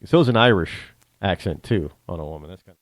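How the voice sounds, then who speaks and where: Male talk host, northern American accent, lively pitch, dry close recording, rambling monologue. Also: fast, no room sound. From northern United States. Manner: rambling, with many restarts and repeated words. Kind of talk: casual solo monologue.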